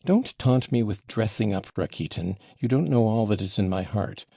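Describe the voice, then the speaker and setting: A man's voice: fairly low pitch, expressive, measured pace, vocal fry, mellow, husky, no echo, full character voice. A man reading an audiobook voices a passionate, wounded young woman, talking in a raised, emotional way that swings from tender to scornful. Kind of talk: audiobook character voicing.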